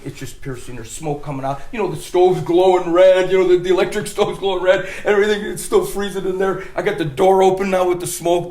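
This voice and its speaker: A man with a fairly high voice tells a funny story in a loose, rambling way, often restarting his sentences and laughing. He sounds like he is recorded in an echoey room. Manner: animated, rambling, restarts and laughs while telling. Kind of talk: casual storytelling chat.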